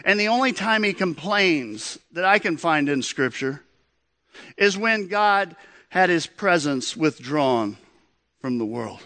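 Earnest man preaching, bright dry voice. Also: a little high, animated, slow pace, no room sound. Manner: earnest, storytelling, addresses listeners as friends. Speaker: pastor. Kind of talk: sermon.

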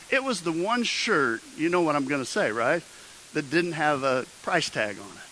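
A man's voice: a little high, expressive, normal speed, sharp tone, a little hiss or hum, poor audio. A man preaching as a pastor, telling a personal story in a conversational way with frequent restarts and building to emphatic exhortation. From Midwestern United States. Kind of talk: sermon storytelling.

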